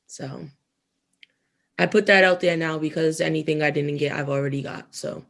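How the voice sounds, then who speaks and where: A woman's voice: low voice, fairly even intonation, normal speed, creaky, a bit bright. Woman co-host, casual mukbang podcast chatter, laughs often, talks through shopping and food tips. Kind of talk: casual podcast chat while eating.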